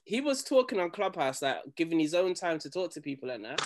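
A young man, a DJ chatting casually and telling animated, slang-filled stories. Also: fairly high pitch, brisk, noisy background. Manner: animated storytelling, slangy, acts out quoted people. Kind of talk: casual chat.

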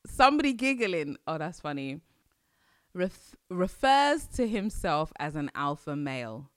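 Middle-aged East London woman, Cockney accent, emphatic casual chat, slow and expressive. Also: lowish voice, no echo, studio quality. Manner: animated, emphatic, laughs often. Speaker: vlogger.

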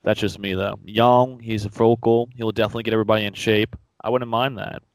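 A man's voice: on the low side, level tone, fast, no echo. A man hosting a casual sports podcast, talking in a rambling way with plenty of fillers. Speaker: podcast host.

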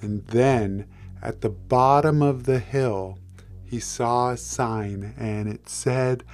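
A man's voice: on the low side, slow pace. Man telling a playful bedtime story. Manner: relaxed, with sound effects and repetition.

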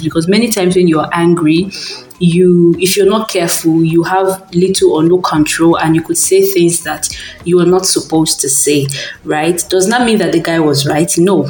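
A woman's voice: on the low side, steady tone, moderate pace, a little mellow, roomy sound, a little hiss or hum, rough recording. A young Nigerian woman with a Nigerian accent, chatting casually in her personal voice diary, telling stories with lots of ums and side remarks. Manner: chatty, storytelling, frequent ums and asides. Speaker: audio diary host.

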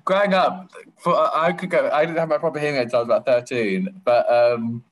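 A young man co-hosts a relaxed chat podcast. He teases playfully and pitches his voice up high when he quotes people. His everyday voice is mid-pitched. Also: brisk. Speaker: podcast co-host. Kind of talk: casual chat.

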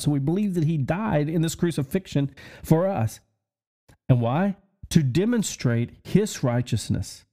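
A man preaching a podcast sermon, excitable, laughing often and asking his listeners questions. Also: mid-range voice.

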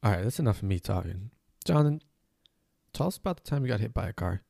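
Male podcast co-host, gravelly low voice, dry sound, teasing. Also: very animated, fast talker, warm tone, dry recording. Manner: teasing, joking. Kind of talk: casual chat. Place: home kitchen.

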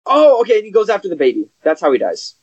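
A young man on a podcast, chatting casually about a movie with quick asides. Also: high voice, huge pitch swings, no room sound, highs cut off. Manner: chatty, quick asides, laughs at plot holes. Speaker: podcast co-host. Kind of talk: casual movie review chat.

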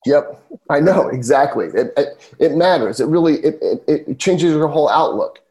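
A man's voice: on the high side, lively intonation, normal speed, dark tone, poor audio. A man reading a casual, chatty ad on a podcast in an upbeat way. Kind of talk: casual host-read ad.

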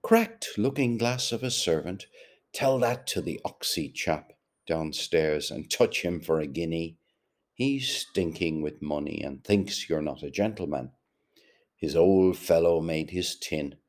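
A man reading an audiobook, voicing a brash, mocking young man in a raised, lively voice. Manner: teasing, brash, higher and livelier than the narration. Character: boisterous mocking young man, quick-tongued. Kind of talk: audiobook character voice.

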